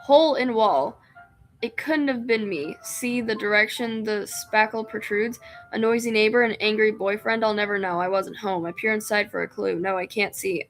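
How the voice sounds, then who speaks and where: A poised young club president speaks with a put-on British lilt that keeps drifting toward Australian, as a woman acts her out. She sounds steady and a little teasing as she encourages a nervous newcomer, with her voice sitting at an ordinary middle pitch. Faint music plays underneath. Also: close to an everyday voice. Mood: reciting. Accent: attempted British that comes out Australian-sounding. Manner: reassuring, confident, a little teasing. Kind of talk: reading game dialogue aloud.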